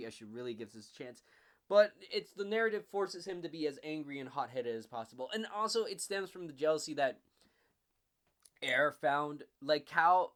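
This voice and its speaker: A man in his twenties giving a casual, animated book review, swearing often and acting out the characters' lines. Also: a little high. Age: 20s. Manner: animated, profane, frequent "like" fillers, acts out characters.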